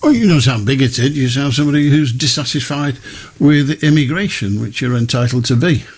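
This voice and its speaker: A man's voice: mid-range voice, brisk, breathy edge. A man hosting a late-night radio phone-in, chatting in a wry, rambling way with dry humour.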